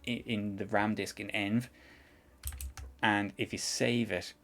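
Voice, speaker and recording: A man's voice: lowish voice, little pitch movement, slow, a bit bright, a little hiss or hum. A man with a Northern Irish accent, streaming a live coding tutorial and chatting in a rambling, chuckling way. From Northern Ireland. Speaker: programming streamer.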